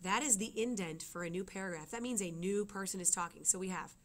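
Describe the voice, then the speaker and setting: A woman's voice: mid-range voice, fast. Woman teacher, step-by-step explanations, checks in with the class. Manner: explains step by step, often asks "okay?". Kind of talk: classroom writing lesson.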